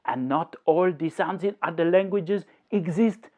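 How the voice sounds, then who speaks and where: A man making a language-learning video who talks in a deliberately hammy, put-on French accent. He slips French phrases into his talk and explains his ideas step by step. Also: a little high, mellow. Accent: deliberately exaggerated put-on French accent. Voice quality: hammy mock-French delivery. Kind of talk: playful language-learning vlog.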